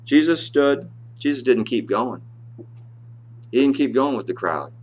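A male pastor preaching a sermon in church, reading scripture aloud in a rising voice and dropping low to explain it. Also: animated, a little slow, breathy edge.

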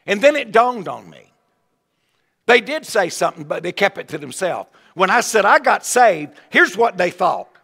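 Folksy preacher in a reverberant hall. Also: male voice, sits high, normal speed, husky. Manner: folksy, animated preaching with asides and repeated words. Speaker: evangelist preacher. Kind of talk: revival sermon. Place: large church sanctuary.

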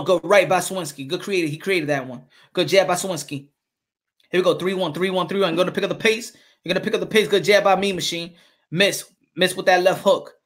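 A man calling a boxing fight live as channel host, excitable, repeating his calls and swearing. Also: sits high.

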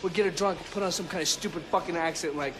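A man's voice: a little high, fast talker, background noise, close to an everyday voice. A man playing a ranting young American punk. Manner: profane, sarcastic, ranting. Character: angry young male punk, cynical ranter. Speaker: punk narrator. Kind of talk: film monologue to camera.

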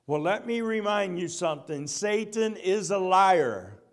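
Male preacher with a high voice; earnest, slow-paced church sermon. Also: big pitch swings. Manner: earnest, repeats key phrases.

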